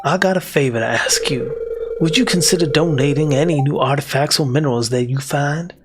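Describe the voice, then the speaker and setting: A man voicing a bookish male museum curator in a put-on American Southern accent, slow and formal. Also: a little high, slightly rough, faint music behind. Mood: drawling, polite.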